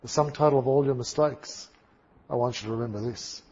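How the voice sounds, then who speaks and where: A kindly substitute teacher, a grown man who speaks softly and gently, as a preacher acts him out mid-sermon. The voice is husky and a touch dull, as if heard through a lo-fi recording. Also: mid-range voice, fairly quick, natural voice. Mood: tender. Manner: soft, hushed delivery.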